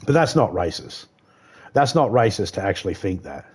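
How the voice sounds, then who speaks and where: A man with a lowish voice chats over a live game stream. He rambles, swears freely and repeats his points as he works through them. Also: very animated, normal speed, darkish tone, husky. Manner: rambling, profane, repeats himself. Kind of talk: casual chat while gaming.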